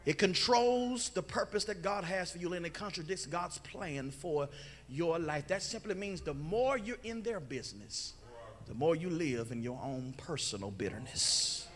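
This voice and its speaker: A male pastor, preaching a sermon in a church and calling out to the congregation, slipping into sung and shouted phrases. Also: on the high side, lively intonation, moderate pace, a little hiss or hum. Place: church sanctuary.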